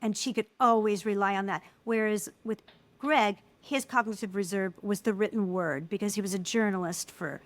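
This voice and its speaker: A middle-aged woman speaking as an interview guest, telling personal stories in an animated way and acting out the voices of people she quotes. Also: medium pitch, normal speed, no echo. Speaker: guest, filmmaker. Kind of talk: casual interview conversation.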